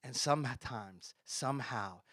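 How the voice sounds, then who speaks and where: A male pastor preaching a sermon in a conversational way, often dropping his voice to a near hush for emphasis. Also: mid-range voice, measured pace, dry recording, clean studio sound.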